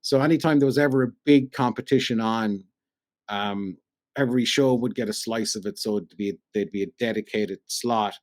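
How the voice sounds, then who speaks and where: A man's voice: on the low side, moderate pace, no echo. Chatty Irish man, dry close sound. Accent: Cork Irish. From Ireland. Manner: chatty storyteller, rambling with many "you know"s. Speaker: radio presenter and podcast guest. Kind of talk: casual podcast chat.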